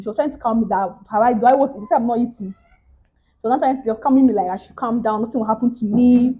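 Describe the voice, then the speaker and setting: A woman's voice: fairly high pitch, quick pace, mellow, husky, lo-fi sound. A young Nigerian woman with a Nigerian accent, telling a story in a casual vlog and acting out the other people's voices. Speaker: vlogger.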